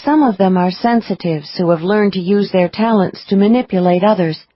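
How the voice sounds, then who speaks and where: A woman voicing a guarded young woman psychic who speaks quietly and earnestly. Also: medium pitch, normal speed, no room sound, lo-fi sound, natural voice.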